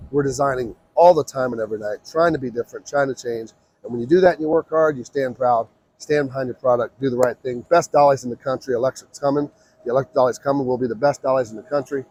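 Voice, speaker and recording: A man who owns an inflatables business gives an energetic, repetitive sales pitch at a trade show booth with blowers running nearby. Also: breathy edge, dry recording, poor audio. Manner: pushy, energetic salesman, repeats himself. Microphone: mic on, recorded on a phone.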